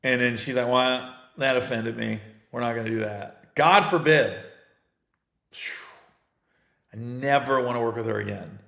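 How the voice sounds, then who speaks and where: Gravelly comedian telling stories. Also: male voice, mid-range voice, unhurried, pauses often, reverberant. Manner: animated storytelling, rising to shouts when fired up. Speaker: comedian and podcast host. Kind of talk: casual monologue.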